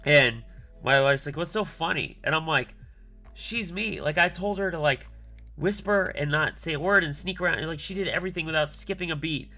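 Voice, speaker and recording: With faint music behind him, a male streamer in his thirties rambles through a long story full of fillers as he works on a keyboard, muttering asides to himself. His voice is fairly high and sharp-toned, and his pace fairly quick.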